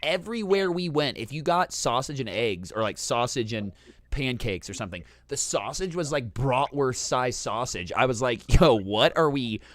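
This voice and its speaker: Animated man saying "dude" a lot. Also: mid-range voice, normal speed, no echo. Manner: animated, profane, says "dude" constantly. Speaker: host. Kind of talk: casual storytelling chat.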